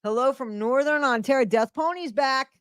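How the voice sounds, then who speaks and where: A woman's voice: sits high, moderate pace, fairly bright tone, smooth, dry recording, studio quality. Chatty woman live-streaming from home. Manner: greets viewers by name, repeats phrases. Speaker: livestream host. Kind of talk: casual live-stream chat.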